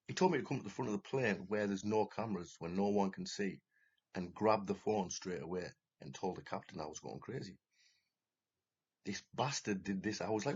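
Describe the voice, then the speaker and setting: A man talks straight to the camera in a deep, raspy voice. His account rambles and keeps restarting, full of swearing and agitation. The recording sounds dull and lo-fi. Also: fast. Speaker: former talent show contestant telling his story. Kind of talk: unscripted monologue to camera.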